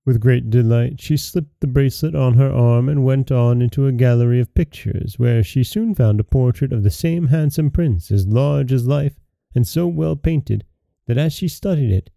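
A male podcast host reading a fairy tale in a calm, measured way. His voice is very dark and mellow with a gravelly rasp, set in a dry, close recording with no room sound. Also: medium pitch, dry recording. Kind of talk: scripted fairy-tale narration.

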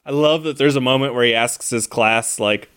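A man's voice: mid-range voice, normal speed, a bit bright, smooth. A man in a mid-range voice co-hosts a casual movie podcast. He rambles with plenty of fillers and restarts, and his enthusiasm for gnarly scenes keeps pushing him forward. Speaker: podcast co-host.

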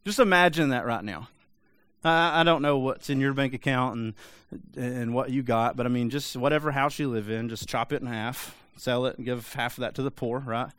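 A man preaching a sermon in a conversational, animated way with frequent rhetorical asides. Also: medium pitch, normal speed, no echo. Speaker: pastor.

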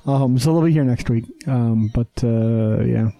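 Guy podcast host, swears a lot, ums everywhere, medium pitch. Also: unhurried, gravelly, warm tone, no room sound. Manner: swears freely, rambling with fillers. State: hyped on energy drinks. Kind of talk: casual chat.

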